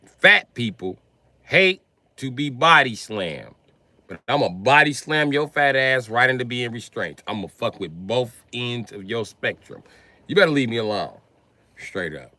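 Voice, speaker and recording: A man's voice: mid-range voice, expressive, a little slow, pushed and bright, no echo. A man doing a profane, mocking comedy rant on a live stream, often laughing as he talks.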